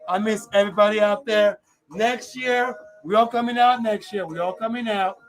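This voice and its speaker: A man hosting a live radio talk show, energetic and repetitive, speaking straight to his listeners. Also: high voice, moderate pace, soft background music. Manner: energetic, repeats phrases, talks straight to listeners. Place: radio studio.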